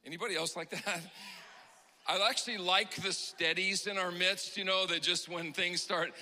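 A male pastor preaching an emotional sermon in a church, building to passionate shouts. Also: sits high, fairly even intonation, normal speed, in a large hall. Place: church hall.

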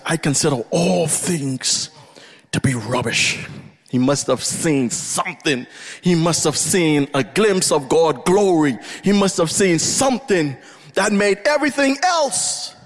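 A man preaching with a high-pitched voice and an unhurried, deliberate pace, leaning hard into each phrase. He is fervent and impassioned, rising from quiet, measured lines to ringing shouts. The voice carries a long reverb, as in a large hall. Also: expressive, husky. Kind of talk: sermon.

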